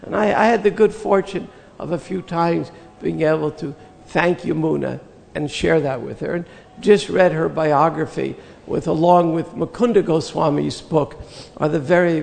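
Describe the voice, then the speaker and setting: An older man telling a personal spiritual story in an earnest, reflective way, with slow pauses. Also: a little high, vocal fry, a little mellow, long reverb tail. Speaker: spiritual teacher recounting memories.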